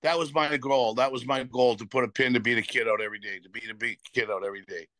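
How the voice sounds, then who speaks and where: A man's voice: mid-range voice, steady tone, fast talker, sharp tone, no echo. A man in his seventies, a retired hockey player, telling stories in an interview with a rambling, repetitive way of talking. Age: 70s. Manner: rambling, repeats himself, acts out quotes. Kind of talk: casual storytelling in an interview.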